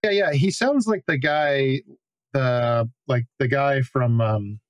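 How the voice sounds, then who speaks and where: A man in casual movie chat, profane and laughing, telling animated stories. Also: mid-range voice, slow, no room sound. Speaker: podcast co-host.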